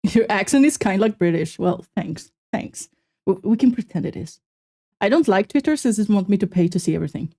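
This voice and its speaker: A young woman streaming, chatting casually and self-mockingly with her viewers in quick exclamations. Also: mid-range voice, animated, warm tone. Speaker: streamer reacting to a video. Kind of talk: casual live-stream chat.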